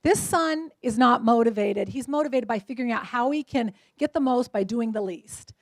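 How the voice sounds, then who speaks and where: A woman in her forties giving a keynote talk at a luncheon, telling lively stories and acting out the voices of the people in them. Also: a little high, moderate pace, dry recording. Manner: lively storytelling, acts out quoted voices. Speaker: motivational speaker.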